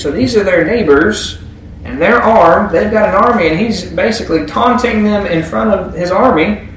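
Folksy preacher in an echoey room. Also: male voice, sits high, normal speed, fairly bright tone, slight background noise. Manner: folksy, reads scripture aloud then explains. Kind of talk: Bible teaching sermon. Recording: echoey room with faint ambience.

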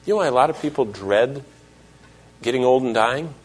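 A man's voice: mid-range voice, animated, moderate pace. Middle-aged pastor guy preaching, tells stories, quotes verses, medium voice. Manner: storytelling, quoting scripture and voices in dialogue. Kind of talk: sermon.

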